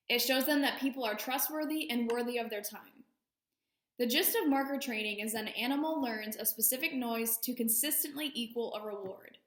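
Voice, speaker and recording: A woman's voice: a little high, fairly bright tone, reverberant. A woman service dog training instructor explaining training methods with friendly, self-deprecating asides. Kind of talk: instructional talk.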